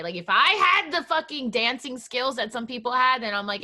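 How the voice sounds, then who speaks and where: A woman's voice: fairly high pitch, a little fast, hardly any pauses, bright, forceful tone. A woman co-hosting a casual podcast chat, emotional and swearing freely, with many restarts. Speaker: podcast co-host.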